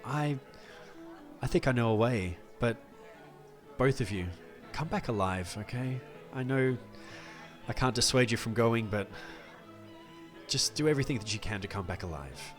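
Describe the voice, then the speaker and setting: A man voicing a solemn, caring woman musician who pleads softly in a tabletop game. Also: mid-range voice, animated, moderate pace, long pauses, soft background music, natural voice.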